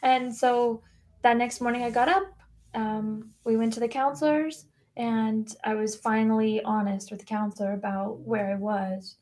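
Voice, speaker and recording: A woman's voice: fairly high pitch, little pitch movement, moderate pace, a little mellow. A woman guest on a podcast, telling her personal story in an earnest, reflective and candid way. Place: podcast recording room.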